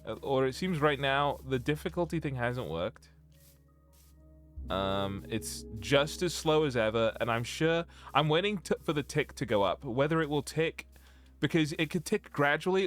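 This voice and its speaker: A young man chatting casually on a live stream while he plays, rambling and breaking into giggles. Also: medium pitch. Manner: giggly, keeps breaking into laughter; rambling, self-interrupting. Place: home room.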